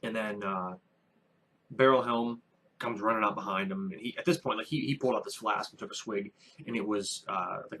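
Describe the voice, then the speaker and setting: A man's voice: on the low side, a bit bright, a little hiss or hum. A man who is a first-time dungeon master, recapping his latest tabletop session in a casual vlog, rambling with many fillers and restarts.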